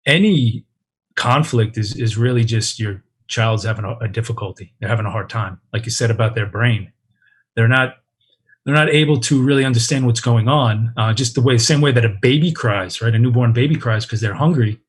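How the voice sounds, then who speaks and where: Male guest, father, husky mid voice, earnest and reflective. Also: medium pitch, fairly quick. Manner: earnest, with frequent restarts. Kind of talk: reflective interview talk.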